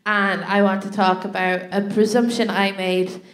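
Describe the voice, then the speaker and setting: A woman's voice: mid-range voice, flat delivery, normal speed. An Irish woman co-hosting a live comedy show, telling a story on a theatre stage with a chatty manner, laughing often and asking "right?" as she goes. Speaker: comedy podcast co-host.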